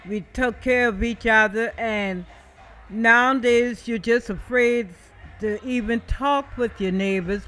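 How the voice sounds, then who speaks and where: An older man answering interview questions in a slow, reflective way. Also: very high voice, pushed and bright. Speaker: interview guest. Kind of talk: casual chat.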